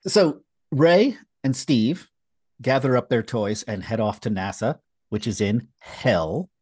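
A man's voice: medium pitch, lively intonation, takes it slowly, a little mellow, breathy edge, no echo, studio quality. A man co-hosting a casual podcast, recapping a comic with wry sarcasm. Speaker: podcast co-host. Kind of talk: casual comic book discussion.

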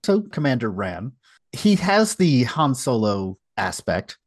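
A man's voice: medium pitch, big pitch swings, slow, dry recording, studio quality. A man co-hosting a casual podcast, recapping a comic with wry sarcasm. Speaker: podcast co-host. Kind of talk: casual comic book discussion.

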